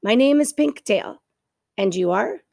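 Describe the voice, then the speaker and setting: A showy, talkative female opossum who treats every moment as a performance, as a woman reading aloud puts her on. Her voice is pitched up, gravelly at the edges and mellow in tone. The sound is dry and close. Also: lively intonation, unhurried, dry recording. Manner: dramatic, gushing. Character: theatrical chatty female opossum, a born ham.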